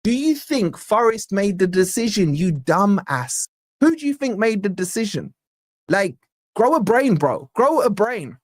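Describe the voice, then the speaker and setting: A young man hosts a live football fan stream, full of brash, mocking, excitable banter while tired from lack of sleep. His voice sits high and he speaks unhurriedly. The sound is clean studio quality with no room sound.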